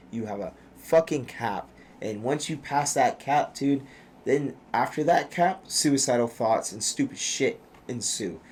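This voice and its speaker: A man's voice: mid-range voice, a little mellow, a little hiss or hum. A man, a former pro soccer player, guesting on a podcast and talking casually with emphatic, profane conviction. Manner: profane, emphatic, preachy when serious. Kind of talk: casual chat.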